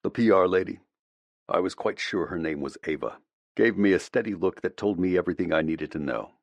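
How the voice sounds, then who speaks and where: Deep-voiced man narrating an audiobook. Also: a little fast, vocal fry, no room sound. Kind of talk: first-person audiobook narration.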